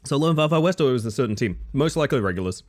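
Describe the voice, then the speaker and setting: Guy streaming and chatting w viewers, super lively voice, yelps then mumbles. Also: rapid-fire. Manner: chatty, animated, swings from high excited yelps to low mutters; reads chat aloud and answers viewers by name. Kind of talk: casual live-stream chat.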